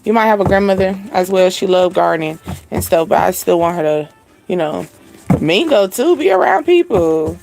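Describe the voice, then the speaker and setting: A woman's voice: lowish voice, expressive, normal speed, vocal fry, a little mellow, faint music behind. A young woman hosting a spiritual channel, giving a casual live-stream reading in a chatty, laid-back way with frequent laughter.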